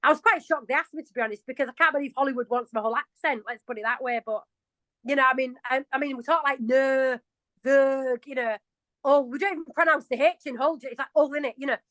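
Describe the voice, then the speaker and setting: Yorkshire lady in her forties, gabbing away in an interview, laughing at herself, highish voice. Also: fast, pushed and bright, dry recording, rough recording. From England. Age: 40s. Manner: chatty and self-mocking, laughs often. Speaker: interview guest. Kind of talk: casual interview chat.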